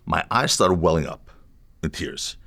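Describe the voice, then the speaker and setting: A defense lawyer as an interview guest, telling a story in an animated, emphatic way and repeating phrases to drive a point home. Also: male voice, low voice, unhurried, vocal fry.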